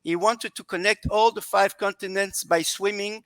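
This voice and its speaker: A man with a French accent answering a podcast interviewer, pausing and searching for words as he goes. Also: sits high, fairly even intonation, smooth, dry recording. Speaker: podcast guest.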